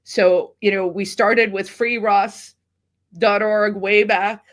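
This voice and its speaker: A woman's voice: mid-range voice, steady tone, takes it slowly. A woman from South Africa, a guest on a podcast, talking in a chatty, emotional way, teary and tired. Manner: chatty, emotional, laughs often. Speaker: guest, activist. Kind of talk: casual podcast chat.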